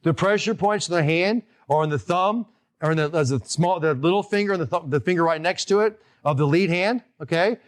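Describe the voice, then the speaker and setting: A man hosting a live online golf lesson as instructor, talking in an energetic, emphatic way and often checking in with "okay?". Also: high voice. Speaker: golf instructor and show host.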